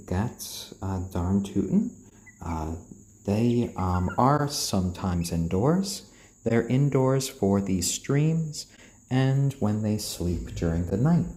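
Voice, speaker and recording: A man hosting a casual live stream, talking in a soft, slow, soothing voice to keep his chickens calm while he reads out viewer comments. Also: deep voice, a little hiss or hum. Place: indoors, roomy. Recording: roomy echo.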